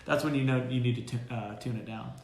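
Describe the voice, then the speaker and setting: A man's voice: medium pitch, fast. A man hosts a casual dog-training chat, telling stories with energy and tripping over fillers and restarts. His voice sits mid-height and carries a roomy echo from the kennel room. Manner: animated storyteller, many fillers and restarts. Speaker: dog trainer and show host.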